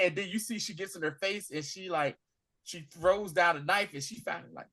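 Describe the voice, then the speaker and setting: Male co-host, bright voice, acts out scenes with lots of energy while recapping an episode. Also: high-pitched, fairly quick. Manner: animated storytelling, acting out scenes in voices. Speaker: podcast co-host. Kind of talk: casual TV recap chat.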